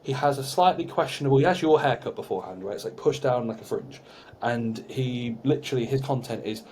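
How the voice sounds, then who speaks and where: A young man, co-hosting a podcast in casual, animated chat with some swearing. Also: medium pitch, fairly quick, slight background noise. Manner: chatty, swearing, animated storytelling. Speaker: podcast co-host.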